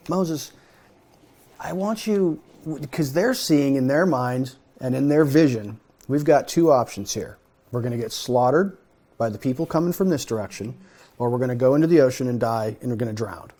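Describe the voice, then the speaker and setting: A man's voice: mid-range voice, normal speed, dark tone. A man leading a conversational Torah study, talking earnestly and thinking aloud. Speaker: Bible study teacher.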